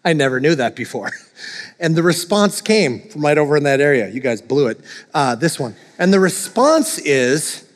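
A man's voice: a little high, sing-song, moderate pace, big-room sound. A man preaching a sermon as a pastor, joking and chuckling often as he talks to his congregation in a church. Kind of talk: sermon with jokes. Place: church sanctuary.

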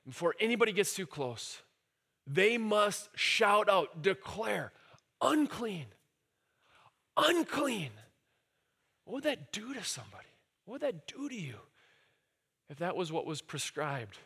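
A man preaching a sermon, animated, dropping to quiet musing and rising to shouted cries. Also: sits high, normal speed, breathy edge. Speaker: pastor.

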